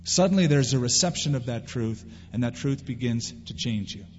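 A male pastor preaching a sermon in an animated way, acting out quoted voices. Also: mid-range voice, normal speed, a little hiss or hum. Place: church sanctuary. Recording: dull lo-fi sound with long hall reverb.

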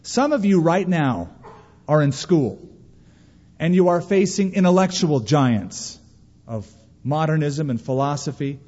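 A man preaching a sermon as pastor, emphatic and animated, acting out quoted lines. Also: measured pace. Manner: emphatic preaching, voices quotes with raised pitch. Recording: dull sound in a long-reverb hall.

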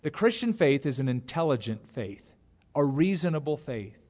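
A man preaching a sermon with a slightly high voice that carries a long hall reverb. He preaches with animation, throwing himself into quoted voices. It sounds like a church sanctuary. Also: sing-song, normal speed, a little mellow. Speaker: pastor.

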